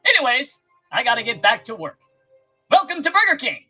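A woman doing a smug fast-food ex-senator. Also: on the high side, breathy edge, soft background music, full character voice. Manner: sarcastic, deadpan self-mockery. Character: smug middle-aged male ex-senator working fast food.

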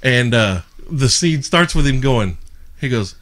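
A man's voice: medium pitch, unhurried. A man on a podcast, chatting casually and acting out lines as he retells a movie scene. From of Norse and Celtic descent. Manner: animated storyteller, acts out movie lines. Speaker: podcast host. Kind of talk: casual chat.

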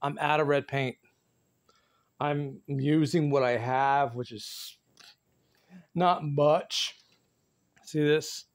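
A man vlogging from his bedroom in rambling casual chat, goofy and playful, bursting into loud shout-outs. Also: mid-range voice.

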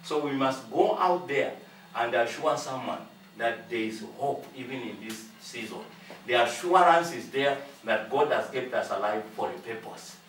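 Pastor preaching in an echoey room. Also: male voice, mid-range voice, animated, moderate pace, a bit bright, recorded from a distance, a little hiss or hum. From Zambia. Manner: preaching with emphatic repetition and acted-out dialogue. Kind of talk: sermon.

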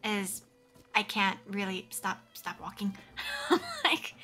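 Slow, bright-voiced giggly woman streamer. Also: mid-range voice, steady tone, faint music behind. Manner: giggly, rambling, many "like" fillers. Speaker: game streamer. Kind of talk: casual live-stream chat while playing.

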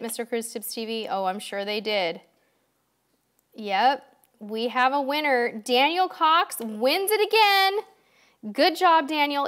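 A woman hosting a live-stream quiz, chatting upbeat and directly to her viewers, a bit tired. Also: fairly high pitch. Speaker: livestream host. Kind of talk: casual live-stream chat.

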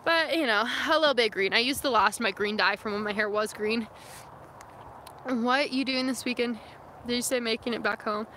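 A woman's voice: a little high, moderate pace, bright, forceful tone, a little hiss or hum. A young woman from California chatting casually on a livestream from inside her van, playful and talkative. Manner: chatty and playful, tries out mock accents. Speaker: vlogger and snowboarder. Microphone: phone camera.

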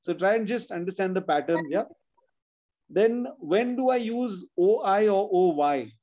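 A man's voice: high-pitched, lively intonation, unhurried, a little mellow, muffled recording. Man, spelling teacher, online class for kids, patient, spells words out letter by letter. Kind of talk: online spelling lesson for children.

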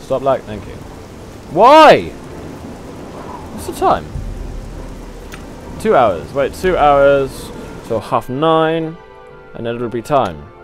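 A man's voice: medium pitch, very animated, slow, long pauses, soft background music. A young man casually commentating a video game, rambling, swearing and laughing at himself. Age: young adult. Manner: rambling, swearing, self-mocking, laughs often. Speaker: gaming channel host. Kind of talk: casual let's play commentary.

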